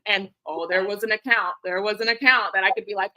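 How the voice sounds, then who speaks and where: A woman co-hosting a casual livestream chat from home, rambling and animated. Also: medium pitch, fast talker, poor audio. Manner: rambling, animated, talks to her dog. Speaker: co-host. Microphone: headphones with computer mic.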